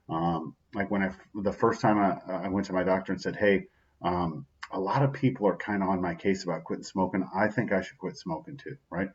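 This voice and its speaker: Deep-voiced, upbeat man hosting a daily talk. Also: highs cut off. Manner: upbeat and heartfelt, with frequent "right?" and "um" fillers. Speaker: daily motivational video host. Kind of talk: casual spoken reflection.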